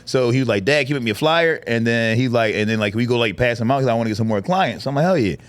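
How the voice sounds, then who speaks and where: A man in his thirties co-hosting a casual comedy podcast, telling stories and acting out quotes in high voices. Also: very fast, no echo, studio quality. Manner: animated storyteller, acts out quotes in high voices. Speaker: podcast co-host.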